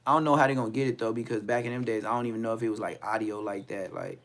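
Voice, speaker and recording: A man's voice: fairly low pitch, fairly even intonation, racing, a bit bright. A man casually telling a personal story on a podcast, laid-back and heavy on slang, acting out the people he quotes. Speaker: podcast host.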